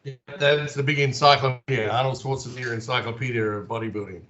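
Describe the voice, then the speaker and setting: A man with an Australian accent, a wrestler and actor telling stories as a guest in a relaxed, chatty way over a video call. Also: mid-range voice, fast, highs cut off. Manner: laid-back, chatty, laughs easily. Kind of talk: relaxed storytelling in conversation.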